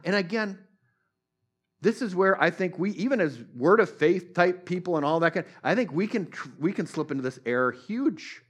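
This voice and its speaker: Male pastor, high-pitched, emphatic repetitive sermon delivery. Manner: repetitive, emphatic phrasing with sudden swings between loud and hushed. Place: church service.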